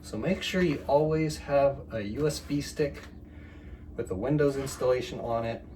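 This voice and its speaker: A man chats casually while he cooks, rambling and joking through his story, his voice at a middle pitch. His phone is set some way off, so he sounds distant, and a clear hum of room ambience runs under his talk. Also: moderate pace, warm tone. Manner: rambling, chatty, jokey storytelling with fillers. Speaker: vlogger.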